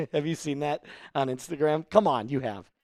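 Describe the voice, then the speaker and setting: A man's voice: fairly high pitch, normal speed, vocal fry, darkish tone, no echo, faint music behind. A man hosting a casual live stream, joking around and reading out viewer messages. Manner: joking, reads out viewer chat. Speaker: livestream host.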